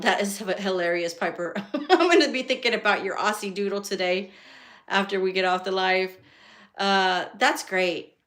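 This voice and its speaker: A woman's voice: mid-range voice, fairly bright tone. A woman in her forties, a dog breeder chatting casually on a live stream from a bedroom at home. She rambles, with many ums and restarts. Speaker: dog breeder and kennel owner. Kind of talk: casual live stream, reading viewer comments. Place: home bedroom with a whelping box, indoors. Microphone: phone.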